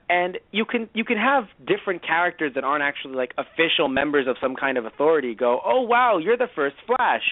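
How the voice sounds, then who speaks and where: A man with a slightly high voice rants his way through a casual movie review, swearing freely and slipping into mocking voices. His pitch swings widely. The sound is dry and thin, as if it came through a phone line. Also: dry recording. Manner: animated, profane, acts out mock dialogue. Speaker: podcast co-host.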